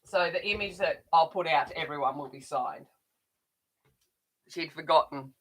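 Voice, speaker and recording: A woman's voice: sits low, moderate pace, slightly rough. A middle-aged woman chatting casually while colouring, rambling along with frequent restarts. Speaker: adult colouring channel host.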